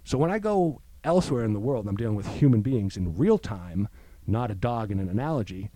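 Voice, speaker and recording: A man's voice: lowish voice, a little fast, dry recording. A man in recovery, telling a story in casual chat and acting out the voices of the people in it. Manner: animated storyteller, acts out voices. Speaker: guest in recovery.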